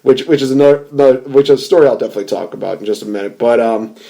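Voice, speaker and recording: Male podcast host, warm dark tone, casual rambling chat with frequent laughs. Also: mid-range voice, rapid-fire, gravelly. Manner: rambling, laughs often, many restarts.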